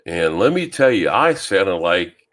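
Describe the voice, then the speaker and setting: A man from Louisiana hosting a fishing live stream, chatting casually and greeting viewers by name with a deep voice and plenty of ums. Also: very animated, measured pace, a bit bright. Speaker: fishing channel host. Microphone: new microphone.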